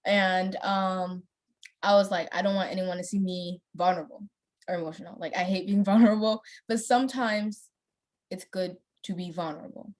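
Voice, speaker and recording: A young woman talks in a loose, chatty way while she plays a story game. She rambles from thought to thought, fills the pauses with "um" and "like", and laughs easily at small things. Her pitch sits in an ordinary middle range. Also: steady tone, darkish tone. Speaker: gameplay vlogger. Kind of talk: casual chat while playing a story game.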